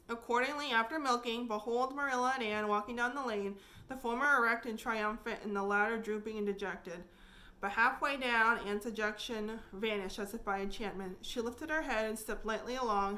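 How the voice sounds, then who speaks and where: A woman librarian reading a classic novel aloud, clear and expressive with small restarts. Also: fairly high pitch. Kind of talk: storybook read-aloud.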